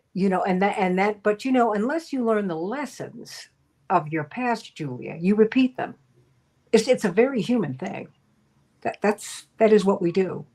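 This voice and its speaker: Woman hosting a radio panel, storytelling. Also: on the low side. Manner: warm storytelling, emphatic and rambling. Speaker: radio talk show host. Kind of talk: conversational panel radio talk.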